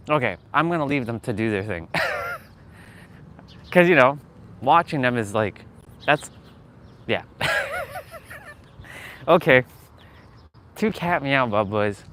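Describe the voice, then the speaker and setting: Lively-voiced man streaming outdoors. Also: medium pitch, a little hiss or hum. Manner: chatty, laughs often, talks to viewers and passing sights. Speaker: motivational live streamer. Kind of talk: casual live-stream talk while walking outdoors. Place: outdoors on a street. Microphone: phone on a gimbal.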